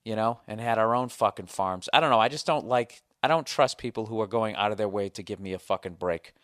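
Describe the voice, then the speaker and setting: A man's voice: fairly low pitch, brisk, fairly bright tone, no room sound, clean studio sound. Profane, ranting male podcast host. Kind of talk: casual ranting monologue, reading listener mail.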